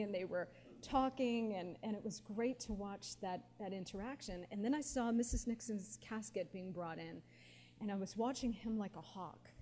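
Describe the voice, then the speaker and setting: A woman in her forties recounts personal anecdotes to a live audience, bringing the quoted voices to life. Her voice is warm and mellow. It rings with a long hall echo over faint background hiss. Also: medium pitch. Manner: lively anecdotal storyteller, quotes others with feeling. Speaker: guest speaker.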